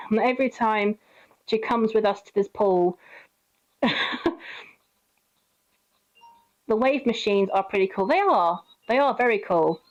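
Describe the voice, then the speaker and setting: A woman's voice: medium pitch, measured pace, pauses often, muffled recording. A young woman vlogger telling a casual, rambling story. She swears freely and laughs often as she talks.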